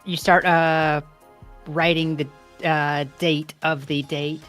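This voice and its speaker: A woman's voice: sits low, little pitch movement, slow pace, a bit bright, clear, resonant tone, faint music behind. A young woman streamer chatting while she plays a game, rambling and reading the on-screen text aloud. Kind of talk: casual gameplay commentary.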